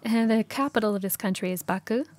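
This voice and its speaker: A woman preaching a sermon in a church, telling a story with many pauses and self-corrections. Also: fairly high pitch, a little mellow.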